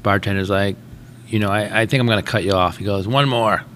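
A man's voice: on the low side, flat delivery, quick pace, fairly bright tone, a little hiss or hum. A man in casual conversation, rambling through big thoughts and telling a joke with voiced characters. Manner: rambling, musing, tells jokes with voiced characters. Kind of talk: casual podcast chat.

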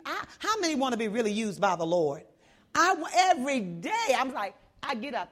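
A woman preaching a sermon, telling a story loudly, then dropping to a hush and rising again. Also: sits high, sing-song, moderate pace. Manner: loud, swings between hushed and shouting.

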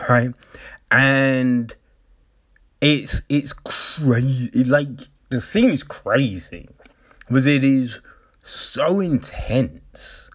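A man reviewing a film in a casual, animated way, often checking in with "right?" and repeating phrases for emphasis. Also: medium pitch. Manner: animated retelling with frequent "right?" and "like".

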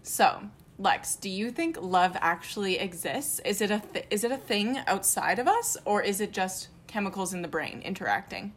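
A woman's voice: mid-range voice, lively intonation, moderate pace, slight background noise. A young adult woman co-hosting a podcast, telling stories in a casual, chatty way with lots of filler words. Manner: chatty storytelling, heavy filler "like". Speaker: podcast co-host. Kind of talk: casual chat.

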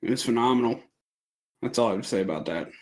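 A man's voice: mid-range voice, animated, fast talker, darkish tone. A young man telling a long story on a casual podcast, rambling, swearing a lot and laughing as he goes. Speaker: podcast co-host.

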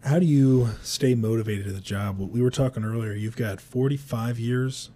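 A man hosting an interview, a firefighter who talks in a relaxed, conversational way and laughs easily. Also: medium pitch, moderate pace. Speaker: firefighter podcast host. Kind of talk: casual interview.

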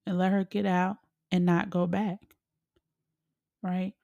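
A woman hosting a podcast as a medium, giving casual motivational talk in a relaxed, chatty way with loose colloquial phrasing. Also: medium pitch, measured pace, creaky, long pauses, no room sound, highs cut off.

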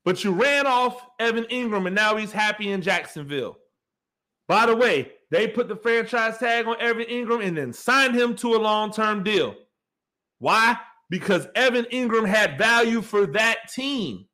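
A man's voice: sits high, lively intonation, moderate pace, pushed and bright. A man hosting a solo sports podcast, ranting heatedly and repeating himself as he argues. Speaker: podcast host. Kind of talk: solo sports commentary rant.

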